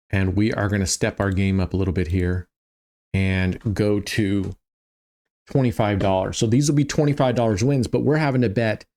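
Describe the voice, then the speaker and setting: A man's voice: lowish voice, darkish tone. A tired man, a roulette streamer, casually talking through his betting strategies and thinking aloud with many small restarts. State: tired, yawning.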